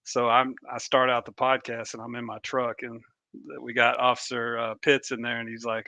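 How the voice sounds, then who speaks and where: A man's voice: medium pitch, monotone, normal speed, sharp tone, dry recording. An older man from Kentucky with a Southern accent, co-hosting a casual podcast and reading viewer comments aloud in an easygoing way. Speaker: podcast co-host. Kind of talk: casual chat.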